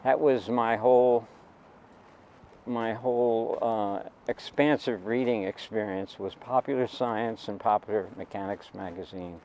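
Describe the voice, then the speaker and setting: A man's voice: on the low side, unhurried, dark tone, dull audio, slight background noise. A man in his seventies telling a personal story in a rambling, digressive way, with asides to the listener.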